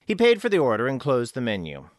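A man narrating an audiobook in an expressive storytelling manner. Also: mid-range voice, fast, dry recording, clean studio sound.

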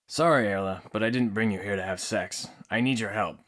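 A man voicing a smooth, flirtatious male antiques dealer in an audiobook, easygoing and teasing. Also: lowish voice, a little fast, a bit bright, lightly acted. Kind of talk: audiobook character acting.

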